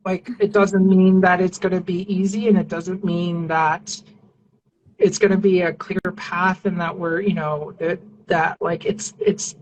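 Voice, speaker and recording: A woman's voice: fairly low pitch, level tone, a little slow, a little mellow, lo-fi sound, slight background noise. A woman civil rights attorney as a podcast guest, talking earnestly and reassuringly with many fillers and restarts. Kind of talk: casual interview talk.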